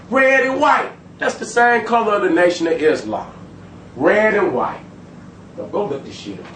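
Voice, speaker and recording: A man lecturing an audience in a profane, emphatic street style, swinging between loud and low. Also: echoey room, far from the mic, slight background noise, low-quality recording. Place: room with a live audience.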